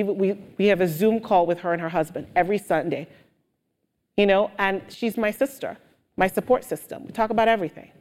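A woman guest speaker telling stories with animated energy in a live on-stage interview. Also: medium pitch. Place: auditorium with audience. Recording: long hall reverb.

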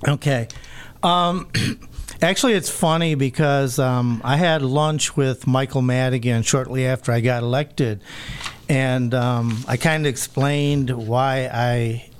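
Smooth-voiced radio guest, a man. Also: medium pitch, steady tone. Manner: measured, with hesitant ums. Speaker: guest, political candidate. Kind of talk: radio interview.

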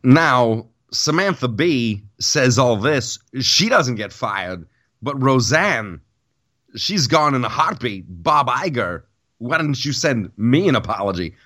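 A man's voice: medium pitch, expressive, slow pace, pushed and bright. A man, a stand-up comedian hosting a podcast, rambling through a casual comedic rant with many restarts, short on sleep. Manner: rambling, repeats words, restarts.

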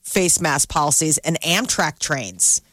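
A woman's voice: sits low, very animated, measured pace, a bit bright, no echo, clean studio sound. A woman reading the news in a casual, chatty way on a morning radio show, laughing between items.

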